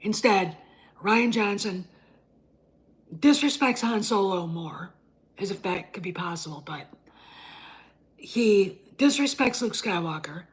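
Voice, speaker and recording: A woman's voice: mid-range voice, animated, slow, pauses often, breathy edge. A woman hosting her own show, ranting bluntly and combatively, often swearing and restarting her sentences. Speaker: host. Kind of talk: opinion rant.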